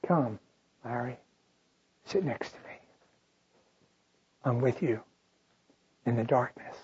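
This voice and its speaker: A calm, fatherly God speaks low and hushed, voiced by a preacher in a sermon. The delivery is slow and breathy, full of reassurance. The sound is dull and lo-fi. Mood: tender, hushed. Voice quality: soft and hushed. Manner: slow, comforting invitation.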